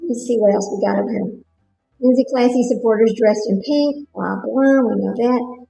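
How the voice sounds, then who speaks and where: A woman's voice: on the high side, normal speed, vocal fry, dark tone, reverberant, dull audio, soft background music. A woman with a Texas drawl, chatting casually to viewers on her livestream commentary. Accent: Texan. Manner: chatty, laughs often, talks to viewers. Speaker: livestream host.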